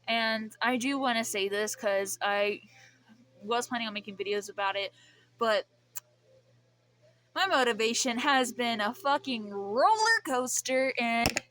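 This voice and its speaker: A young woman vents to her camera, rambling and swearing as her feelings spill out. Her voice is bright and sits a little high. The talk is raw and personal. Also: animated, a little slow. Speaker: vlogger. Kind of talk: emotional vent.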